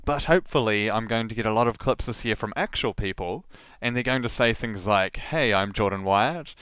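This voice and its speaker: A man chats casually as a podcast host, teasing himself and laughing along. His voice is on the low side and smooth. The recording is dry and close, with no room sound. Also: a little fast, a bit bright, no echo. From New Zealand. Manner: chatty, self-mocking, laughing often. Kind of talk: casual solo monologue.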